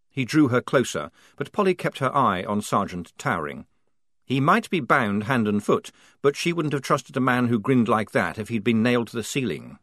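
A man narrating a novel as an audiobook in an expressive, varied storytelling manner. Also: lowish voice, moderate pace, dry recording, studio quality. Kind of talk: scripted narration.

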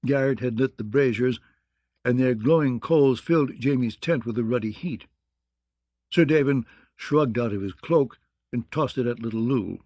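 Steady and measured, a man narrates an audiobook from a script at an ordinary middle pitch. The recording is close and dry, with no room sound.

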